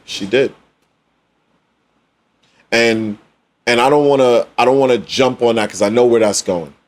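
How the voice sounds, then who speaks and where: A man's voice: medium pitch, a little slow, a little hiss or hum. Man, podcast co-host, emphatic, repeats lines for impact, conversational. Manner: emphatic, preachy, repeats phrases for effect. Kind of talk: casual podcast discussion.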